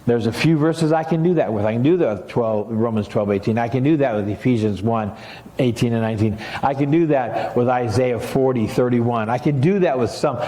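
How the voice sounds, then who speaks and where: A man's voice: medium pitch, darkish tone, echoey room. A middle-aged man, a pastor, preaching a sermon in a church sanctuary, talking casually and then rising into emphatic passages.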